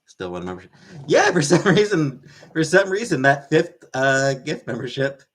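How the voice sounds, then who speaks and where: A man's voice: a little high, sing-song, moderate pace. A man hosts a laid-back livestream from his home, reading out chat messages and thanking viewers one by one. His voice swings up and down a lot as he talks, and he rambles loosely from one comment to the next. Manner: rambling, thanks chatters by name, baby-talks to his pet. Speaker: livestream host.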